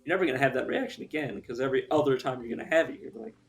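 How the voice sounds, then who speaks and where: A man's voice: medium pitch, racing, soft background music. A young man chatting casually on a live stream, rambling through his opinions, swearing and laughing often.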